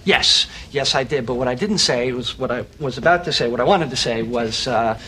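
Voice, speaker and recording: A man's voice: mid-range voice, moderate pace, background noise, close to an everyday voice. An actor playing a nervous, sarcastic young man who mocks himself. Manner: sarcastic, nervous, self-deprecating. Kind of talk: sitcom acting.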